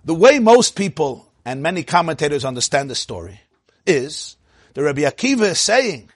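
A man giving a Torah lecture, telling a Talmudic story with animated storytelling and Hebrew and Yiddish phrases. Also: on the high side, normal speed, slightly rough, dry recording, clean studio sound. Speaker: rabbi teaching.

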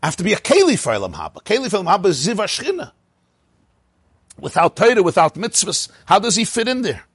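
A man with a somewhat high, husky voice teaches a Talmud class. His pitch swings widely as he tells the story, breaking into laughing asides and mixing Hebrew and Yiddish terms into his English. The sound is dry and close. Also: very animated, quick pace, a bit bright, no room sound. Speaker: Torah teacher.

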